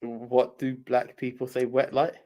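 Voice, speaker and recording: A man, co-hosting a podcast and rambling about a film with halting restarts. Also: medium pitch, flat delivery, dark tone. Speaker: podcast co-host. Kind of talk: casual chat, film review.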